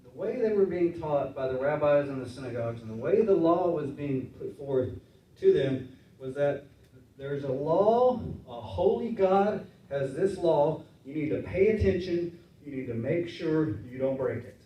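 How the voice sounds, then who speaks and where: A man preaching a sermon in a relaxed, conversational way, acting out the voices of his listeners. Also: on the high side, unhurried, lo-fi sound. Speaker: pastor. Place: church sanctuary. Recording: roomy church sound from a distance.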